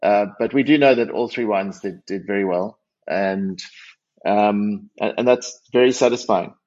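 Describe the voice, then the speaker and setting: Speaking in a fairly low, slightly mellow voice and a little slowly, a winery managing partner from South Africa chats as a radio guest. He restarts often and uses self-deprecating humour, and the audio is dull and lo-fi.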